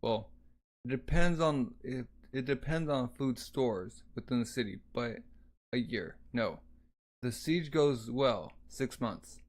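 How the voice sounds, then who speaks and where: A man voicing an older male advisor who answers in a soft, hesitant, deferential way. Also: medium pitch, animated, takes it slowly.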